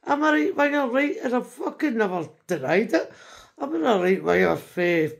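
A woman's voice: fairly high pitch, sing-song, normal speed, gravelly. A Scottish woman from Scotland delivering a heated, rambling, sweary rant in a video message, constantly tagging her sentences with "right?". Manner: frequent tag question "right?".

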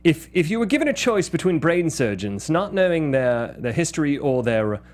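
A man's voice: a little high, normal speed. A man in his thirties co-hosting a movie podcast, chatting casually and acting out quotes with lots of laughter. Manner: animated, laughing storyteller who acts out quotes. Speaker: podcast co-host.

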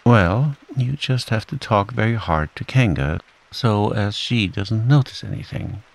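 A man's voice: on the low side, expressive, creaky, low-quality recording. A man doing a bossy scheming rabbit. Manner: brisk and commanding.

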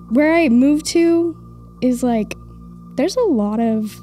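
A woman's voice: high voice, animated, slow, dark tone, faint music behind. A young woman from Oklahoma telling a story on a live stage. She rambles with many fillers and laughs nervously. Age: young adult. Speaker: audience member telling a story. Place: stage of a live event in a castle.

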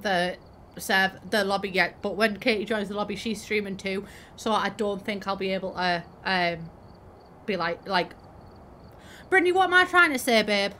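A woman's voice: mid-range voice, moderate pace, sharp tone, slight background noise. A woman chatting casually on a gaming stream through a headset, swearing and laughing with a friend.

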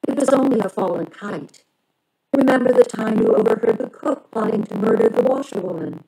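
A woman's voice: fairly low pitch, huge pitch swings, brisk, creaky, dark tone, breathy edge, exaggerated voice, rough recording. A woman doing a dismissive older girl cousin. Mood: teasing. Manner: teasing, offhand.

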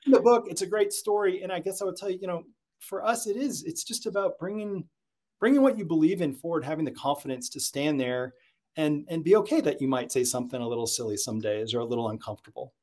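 A man who consults on sales, a guest in an interview, telling stories with lots of energy and getting louder and higher when excited. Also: fast talker. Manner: energetic storyteller, gets loud and high when excited. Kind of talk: podcast interview, storytelling.

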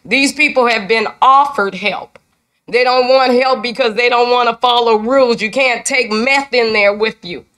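An older woman speaks during public comment at a city council meeting. She sounds emotional and indignant as she pleads her case. Her voice sits fairly high. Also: bright, forceful tone. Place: council chamber.

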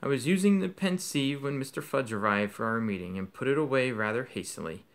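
A man voicing a calm, wise old headmaster who speaks quietly and gently in a measured way. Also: mid-range voice, lightly acted. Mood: gentle.

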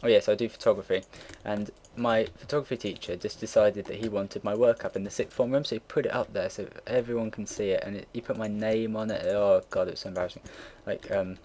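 A low-voiced young man in his late teens chats loosely as he builds something on his computer. He drifts between stories, loses his thread and swears offhandedly. A faint hiss sits under his voice, with soft keyboard clicks behind him. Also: steady tone, fast talker, hardly any pauses. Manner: rambling and easily sidetracked, swears casually. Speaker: game builder narrating a build. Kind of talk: casual gameplay commentary. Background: keyboard typing and mouse clicks.

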